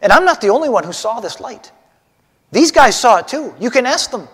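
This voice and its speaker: A man's voice: very high-pitched, big pitch swings, a little fast, fairly bright tone, husky, long reverb tail, voice pushed up, heavily acted. A man voicing the apostle Paul as an earnest, emphatic adult man pleading with his listeners. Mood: insistent.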